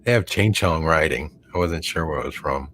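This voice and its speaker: A man's voice: very deep voice, normal speed, a bit bright, slight background noise. A middle-aged man hosting a call-in show, chatting casually and rambling, often laughing and restarting his sentences. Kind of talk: casual chat.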